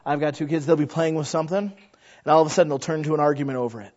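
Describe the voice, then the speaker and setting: A man's voice: fairly high pitch, rapid-fire. A man in his thirties preaching a sermon, telling stories and acting out the voices of the people in them. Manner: animated storyteller who acts out quoted voices. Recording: slightly dull lo-fi sound.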